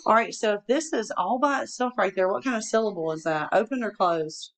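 A woman leads a one-on-one reading lesson at an ordinary pitch. She prompts patiently with question after question and answers with quick praise. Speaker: teacher.

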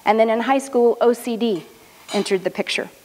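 A middle-aged woman telling a personal story at a luncheon in a measured, earnest way. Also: on the high side, a little mellow. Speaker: speaker. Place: luncheon hall. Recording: reverberant hall.

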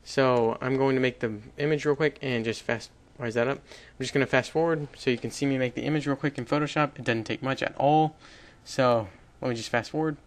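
Fairly quick and with hardly any pauses, a young man hosts a casual screen-recorded coding tutorial in a steady mid-range voice, with a little hiss or hum in the recording. He rambles and corrects himself, chatting with little laughs.

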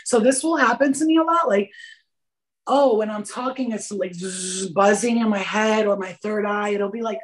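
A woman in her thirties, a podcast guest and energy coach, talking about spirituality in an animated, preachy and profane way. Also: mid-range voice, normal speed. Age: 30s. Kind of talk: casual spiritual podcast talk.

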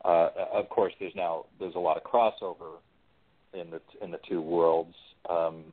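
A low-voiced man chats easily as an interview guest, often restarting his sentences. His voice comes through a thin, phone-like line that cuts the lows and highs. He sounds relaxed and unhurried, like a working writer and voice actor. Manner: relaxed, chatty, frequent restarts. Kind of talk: casual interview chat.

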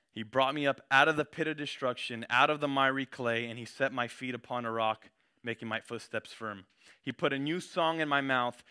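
A man's voice: medium pitch, bright, forceful tone, clean tone. A young man giving a casual sermon, slangy and conversational, reading scripture with rising intensity.

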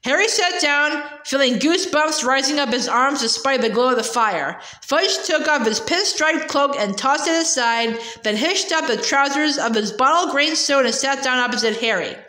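A woman reading a storybook aloud in a steady, expressive narrating voice. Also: high-pitched, normal speed, hardly any pauses. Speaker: reader. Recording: roomy echo.

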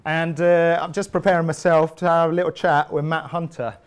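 British male host, light playful interviewer, voice sits on the high side. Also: flat delivery, brisk, a little hiss or hum. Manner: teasing, playful banter. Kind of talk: jokey casual interview.

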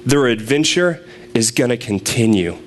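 A young man gives a sermon in a casual, conversational tone, retelling a story with lively shifts and small restarts. His voice sits in a middle pitch. A faint noise runs under the recording. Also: normal speed. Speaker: preacher.

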